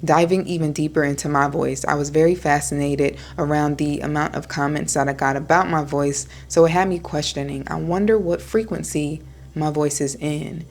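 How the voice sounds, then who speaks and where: A woman vlogger speaking in a low, soothing voice, slow and deliberate, pausing between her sentences. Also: fairly even intonation. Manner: slow, soft, deliberate speech with pauses. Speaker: wellness vlogger. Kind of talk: calm talking-head vlog.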